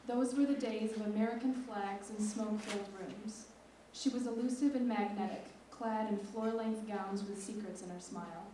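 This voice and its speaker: A teenage girl with a mellow, dark-toned voice reads her lyric essay in a measured, expressive way. She is set back from the mic in a large echoing hall, with faint noise behind her. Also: mid-range voice. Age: teens. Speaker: student writer. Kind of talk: reading a lyric essay aloud. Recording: echoey hall from far off.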